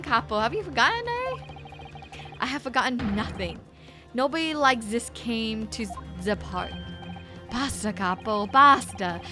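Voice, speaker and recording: A woman voicing an excitable, boastful older Italian man with a put-on Italian accent and broken grammar. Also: sits high. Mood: indignant. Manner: animated, loud, broken grammar.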